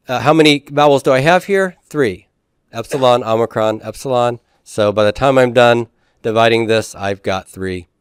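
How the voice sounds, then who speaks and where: A man teaches a Greek class in a smooth, resonant voice at a middle pitch. He works through each rule step by step and keeps checking in with his listeners. The sound is close and dry, with no room echo. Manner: explains step by step, often checks with "right?". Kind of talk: classroom lecture.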